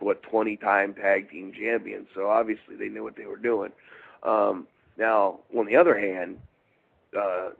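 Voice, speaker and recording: Heard over a phone-like line, this Baltimore man, a middle-aged ex-wrestler, wanders through his stories in a shoot interview, stumbling over fillers and restarting often. He speaks with a fairly low pitch and noticeable vocal fry.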